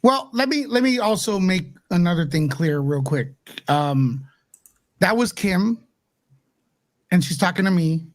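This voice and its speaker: A man hosting a casual livestream chat, blunt and joking, quick to mock. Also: high-pitched, lively intonation, no echo. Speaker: show host.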